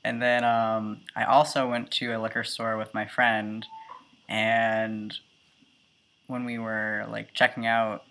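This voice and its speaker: A man's voice: on the low side, level tone, slow pace, bright, forceful tone. A man in his early twenties talking casually in a video diary, chatty and full of ums and likes. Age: 20s. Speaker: vlogger.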